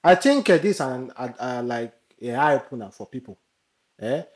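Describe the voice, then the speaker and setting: A Nigerian man with a Nigerian accent, giving casual commentary on a clip. His voice sits at a middle pitch for a man, and he talks in a loose, conversational way. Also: expressive, moderate pace. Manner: conversational, reacting and explaining. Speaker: commentator host.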